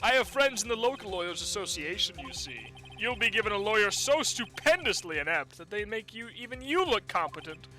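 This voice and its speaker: A man's voice: sits high, big pitch swings, sharp tone, heavily acted, poor audio. A man voicing a pompous, menacing rich company president in a fan game dub, condescending and theatrical. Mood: gloating. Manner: condescending, theatrical, drawn-out threats.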